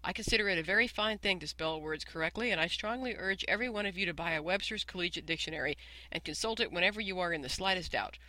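A reader voicing a tiny, brisk male mouse who is standing in as a substitute teacher, bossy and crisp and quick to dismiss. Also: mid-range voice, pushed and bright, no room sound, lightly acted. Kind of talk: audiobook character voice.

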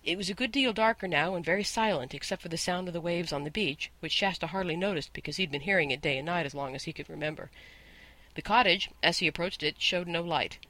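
Bright-voiced male storybook narrator. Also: a little high, fast talker, no room sound. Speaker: audiobook narrator.

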